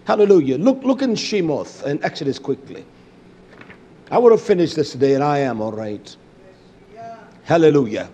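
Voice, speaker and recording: Man, preacher, high voice, fiery sermon, combative, profane, loud bursts and low mutters. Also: expressive, moderate pace, long pauses, a little hiss or hum. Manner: confrontational, profane, scolding; swings between loud outbursts and low muttering.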